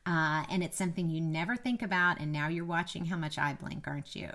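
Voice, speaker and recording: A woman's voice: deep voice, brisk, fairly bright tone. A woman in her thirties from Kentucky with a mild Southern accent, a media coach giving casual, chatty, self-deprecating tips to camera. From Kentucky, USA. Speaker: media coach, former TV reporter.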